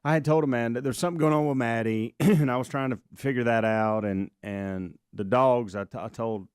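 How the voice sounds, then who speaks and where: A man, co-hosting a radio talk show and telling a rambling, animated story with many restarts. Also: medium pitch, fairly quick, smooth, dry recording, clean studio sound.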